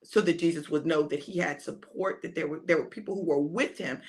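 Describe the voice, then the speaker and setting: A woman preacher giving an animated, emphatic sermon and addressing listeners as "baby". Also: low voice, brisk.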